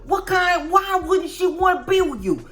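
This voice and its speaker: A woman voicing an aging father who yells and curses at his grown son in a high, strained voice. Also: lively intonation, normal speed, faint music behind. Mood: furious yelling. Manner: shouting, cursing, high and strained.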